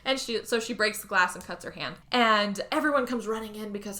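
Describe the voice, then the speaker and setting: A woman co-hosting a podcast, telling a movie plot in a lively, casual way, acting out the characters' lines and laughing often. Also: mid-range voice, fairly quick. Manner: animated storyteller, acts out quotes, laughs often. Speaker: podcast co-host. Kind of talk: casual movie recap chat.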